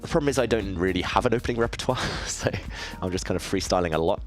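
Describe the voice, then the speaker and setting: A man's voice: sits low, fast talker, soft background music. A man, from southeast England, streaming his chess games and chatting casually with viewers as he thinks aloud, in a self-deprecating way. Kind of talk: casual live-stream commentary while playing.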